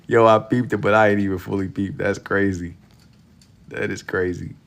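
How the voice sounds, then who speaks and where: Deep-voiced laid-back young man streaming. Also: fairly even intonation, normal speed, gravelly. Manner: laid-back slangy banter with chat, frequent laughs. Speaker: livestream artist. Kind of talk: casual livestream chat.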